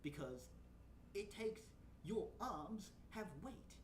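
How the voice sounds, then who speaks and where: A woman's voice: mid-range voice, animated, slow pace, reverberant, distant mic, a little hiss or hum. A woman VTuber streamer giving blunt, profane reaction commentary and ranting at what she watches.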